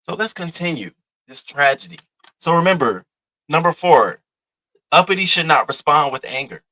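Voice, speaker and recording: A man's voice: on the high side, animated, normal speed, pushed and bright, poor audio. A man giving blunt, profane, mocking reaction commentary, lecturing his viewer in AAVE. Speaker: commentary host.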